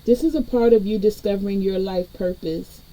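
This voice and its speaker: Brief: woman spiritual reader, very mellow dark tone, chatty and direct with viewers. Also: mid-range voice, normal speed, poor audio. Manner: conversational, addresses viewers directly. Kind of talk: collective spiritual reading.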